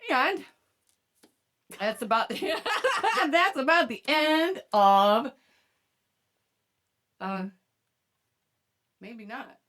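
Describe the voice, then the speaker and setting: A woman's voice: sits high, expressive, very slow, pauses often, a bit bright. A woman hosting a podcast, telling a profane story in casual chat and laughing often. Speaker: podcast host.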